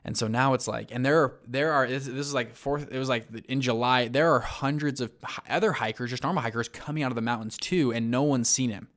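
A man telling a story in a casual interview, lively, with lots of fillers and restarts and acted-out quotes. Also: mid-range voice, a little fast, hardly any pauses. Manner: animated, many fillers and restarts, acts out quotes. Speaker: guest recounting a search-and-rescue story.

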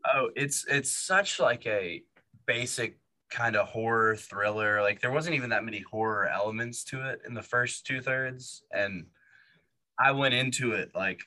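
Bright-voiced rambling male movie podcaster. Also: mid-range voice, a little slow. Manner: rambling, many fillers and restarts. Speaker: podcast co-host. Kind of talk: casual movie chat.

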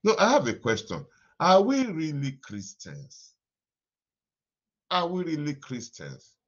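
A man preaching an animated morning devotion sermon as pastor, repeating his phrases and laughing often. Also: a little high, takes it slowly, lo-fi sound.

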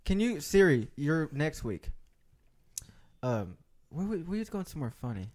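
A man's voice: fairly high pitch, big pitch swings, normal speed, a little mellow. Rambling young man telling stories. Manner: rambling, laughing, acts out voices in stories. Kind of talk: casual storytelling chat.

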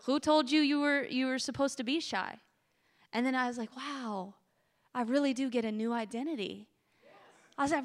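A woman's voice: high voice, moderate pace, pauses often. A woman preaching a testimony sermon with passion, her voice cracking with emotion as it builds.

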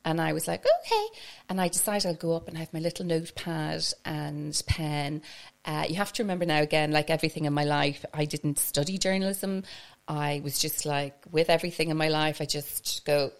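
A woman with a West Cork Irish accent, a podcast guest telling a story in a scattered, animated way and laughing as she goes. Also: low-pitched, fairly quick, vocal fry. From Ireland, West Cork. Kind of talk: casual storytelling chat.

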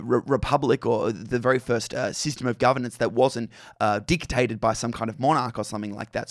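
A man's voice: mid-range voice, no room sound, studio quality. An Australian man hosting a film discussion podcast, talking in a thoughtful, searching way with many fillers and restarts.

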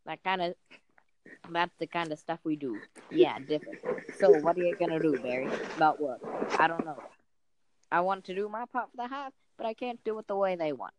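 A woman's voice: lowish voice, expressive, brisk, darkish tone, natural voice. Woman putting on a New York comedian guy. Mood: wry. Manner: reads movie lines in a put-on comic voice. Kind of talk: comic movie-script reading.

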